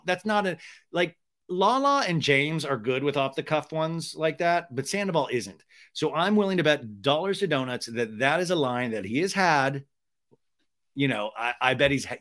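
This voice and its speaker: Animated, bright-voiced male podcast host. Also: on the high side. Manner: animated, chatty, profane, joking. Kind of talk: casual comedic TV recap.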